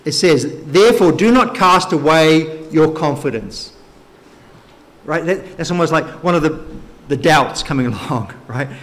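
A man preaching a sermon, teaching slowly and emphatically through Bible verses. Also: on the high side, lively intonation, fairly bright tone. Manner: slow, emphatic Bible teaching with occasional light laughs.

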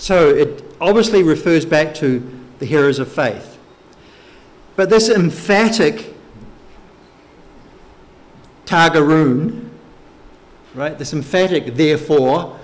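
A man preaching a sermon, teaching slowly and emphatically through Bible verses. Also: a little high, lively intonation. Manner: slow, emphatic Bible teaching with occasional light laughs.

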